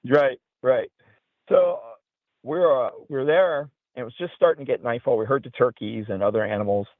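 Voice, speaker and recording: A man's voice: mid-range voice, moderate pace, no room sound. A man telling a story as an interview guest, rambling along with lots of "you know". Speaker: guest, outdoorsman and paranormal investigator. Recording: tinny phone-like line.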